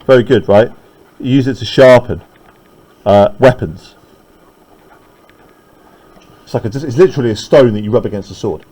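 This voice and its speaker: A man's voice: mid-range voice, moderate pace, long pauses, dark tone, poor audio. Man teaching a class, checking in constantly. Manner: explains step by step, keeps checking in with "right?". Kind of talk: classroom literature lecture.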